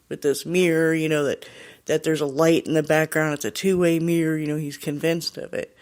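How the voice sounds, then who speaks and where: Chatty laughing podcast storyteller. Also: medium pitch. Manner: chatty, laughing often, restarts. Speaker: podcast host. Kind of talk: casual storytelling.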